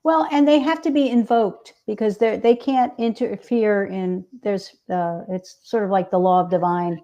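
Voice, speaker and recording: Woman, New York accent, mellow voice, guest author, earnest, spiritual, casual interview. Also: mid-range voice, moderate pace, dull audio. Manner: earnest, spiritual, gushing with praise.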